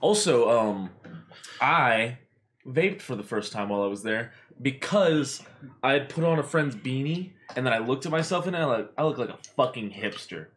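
A man hosting a podcast, telling stories in an animated, casual way with lots of swearing. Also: medium pitch, moderate pace. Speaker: podcast host. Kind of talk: casual storytelling.

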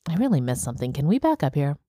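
A woman voicing an excitable young man in an audiobook, with a raised, quick, incredulous delivery. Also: deep voice, dry recording, clean studio sound.

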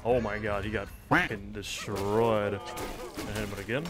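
A young man casually commentating a game as he plays, excitable and swearing, with shouted reactions. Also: fairly low pitch, a little slow. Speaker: gaming streamer. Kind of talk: let's play commentary. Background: game music.

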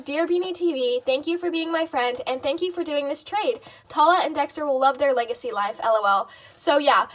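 A woman vlogging as she unboxes fan mail, gushing and gasping with excitement. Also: high voice, a little hiss or hum. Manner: gushing, gasping, repeats "oh my gosh".

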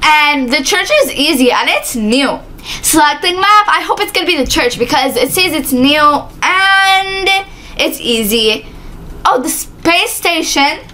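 Woman, gaming commentary, excitable, slow-paced, high-pitched. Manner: excitable, exclamatory. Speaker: gaming channel host. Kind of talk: casual gameplay commentary. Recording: loud keyboard typing behind.

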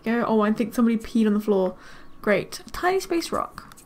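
Woman, let's-play commentary, chatty, slightly high-pitched, excitable, talks to game characters. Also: quick pace. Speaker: gaming video creator.

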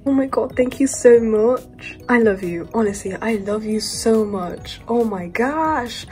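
A young woman from the UK talks through an unboxing in a fast, gushing ramble, her voice sitting a little high. Soft music plays behind her. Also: animated. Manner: gushing, rambling, squeals and laughs. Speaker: toy collector vlogger. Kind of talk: excited unboxing chat.

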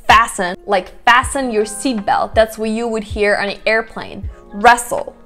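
A woman's voice: fairly high pitch, steady tone, fairly bright tone, soft background music. Woman coaching pronunciation. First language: Russian. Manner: demonstrative, repeats example words slowly. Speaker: accent coach. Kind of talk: pronunciation lesson.

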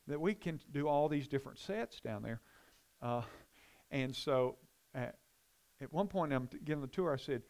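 A man's voice: fairly high pitch, creaky, darkish tone. A middle-aged man, a pastor, teaching a Bible study and telling a rambling story full of restarts.

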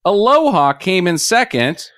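A man's voice: high-pitched, big pitch swings, measured pace, a bit bright, no room sound, studio quality. A man hosting a casual podcast chat, blunt and sarcastic, swearing freely. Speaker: podcast host.

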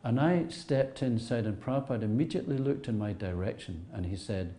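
Reminiscing about something personal, a man tells the story reflectively at a fairly quick pace in a medium-pitched voice. He repeats words a lot and drops into quiet asides.

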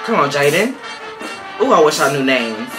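A man's voice: fairly high pitch, big pitch swings, normal speed. A man gives sassy, emphatic reaction commentary while reviewing a dance team's performance. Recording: voice over loud band music.

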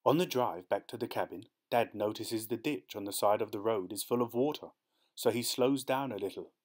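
A man reading a children's storybook aloud in a steady, clear voice. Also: on the low side, normal speed. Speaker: storybook narrator.

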